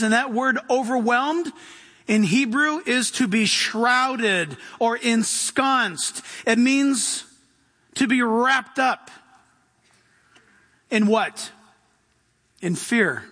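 Animated high-voiced male pastor preaching. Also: slow pace, long pauses, in a large hall. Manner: animated, swings from shouting to hushed. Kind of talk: sermon.

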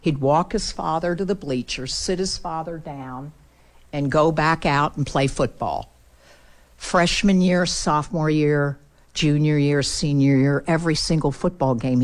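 A woman's voice: fairly even intonation, measured pace. Middle-aged woman guest speaker, heartfelt storyteller, earnest delivery. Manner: earnest, builds emotion, drops low for sad moments.

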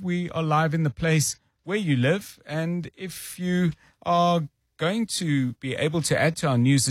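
A man's voice: a little high, dry recording, clean studio sound. A man hosting a live drive-time radio show, chatting casually to listeners and introducing segments. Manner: chatty, conversational, with fillers. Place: radio studio. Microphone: studio microphone.

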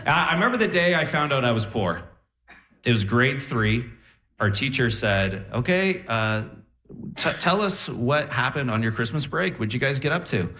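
Male stand-up comic, bright tense voice, swooping pitch, roomy echoey venue. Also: normal speed, slight background noise. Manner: animated storyteller, acts out voices. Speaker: stand-up comedian. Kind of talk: stand-up comedy routine. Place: comedy stage with live audience.

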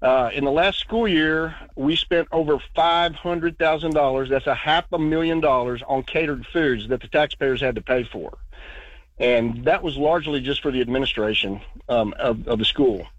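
A man serving as a school board member, speaking haltingly with fillers and restarts in a radio interview. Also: mid-range voice, no echo. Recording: dull lo-fi radio clip.

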